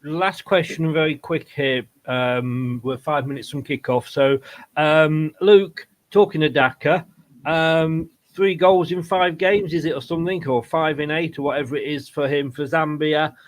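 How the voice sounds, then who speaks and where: A man with a noticeably high voice hosts a football watchalong in casual chat. He talks to his guests and breaks off to greet viewers and answer their comments. His delivery is chatty and loose. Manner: chatty, quick asides to viewers. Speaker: host.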